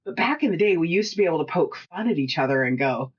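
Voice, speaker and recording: A middle-aged woman co-hosting a casual chat, telling animated stories, acting out what people said, and laughing often. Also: deep voice, quick pace, breathy edge, muffled recording. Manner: animated storyteller who acts out quotes and laughs often. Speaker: podcast co-host and shop owner.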